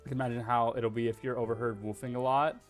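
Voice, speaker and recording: A man with a Texan accent chatting casually on a livestream, playful and hammy, swearing freely and letting out loud yeehaw whoops. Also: mid-range voice, flat delivery, quick pace, faint music behind. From Texas. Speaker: VTuber streamer.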